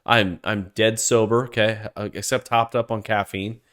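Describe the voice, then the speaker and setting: A man's voice: fairly low pitch, steady tone, normal speed, a bit bright. A man hosting a solo podcast rant, heated and profane, swearing freely and tripping over restarts as he gets worked up. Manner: restarts and repeats words when worked up. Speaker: podcast host.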